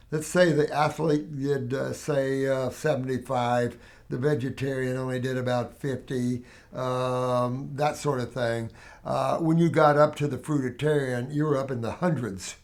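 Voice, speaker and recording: An older man hosting a health Q&A, talking casually in a rambling, animated way with many restarts and acted-out quotes. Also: mid-range voice, gravelly. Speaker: herbal health show host answering questions. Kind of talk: casual Q&A talk.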